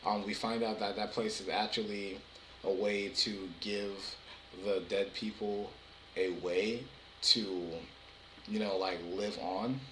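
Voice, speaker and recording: A man's voice: on the low side, steady tone, slow pace, sharp tone, echoey room, slight background noise, poor audio. A young man giving a casual, rambling recap of a TV episode, full of fillers and restarts. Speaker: TV episode reviewer.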